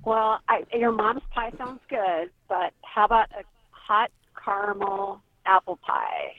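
A woman's voice: medium pitch, big pitch swings, slow, dry recording. Enthusiastic woman on a phone line. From Wisconsin. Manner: enthusiastic, storytelling. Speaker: caller. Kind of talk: phone-in chat.

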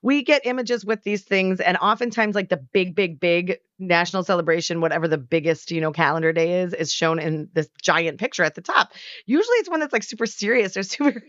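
A woman's voice: lowish voice, lively intonation, a little fast, fairly bright tone, no echo, highs cut off. A woman in her forties co-hosting a morning radio show, chatting casually with lots of fillers and giggles. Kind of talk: casual on-air banter.

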